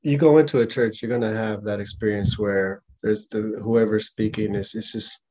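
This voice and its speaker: A man's voice: lowish voice, steady tone, moderate pace, a little mellow. A man hosting a podcast in casual conversation, thinking aloud and checking in with tag questions as he goes. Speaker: podcast host.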